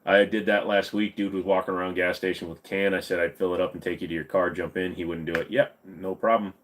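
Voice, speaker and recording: Here a low-voiced man in his forties, hosting a livestream from the United States, responds to viewer comments. He's fast and flat, his tone fairly bright, and he comes across as tired, blunt, foul-mouthed and meandering.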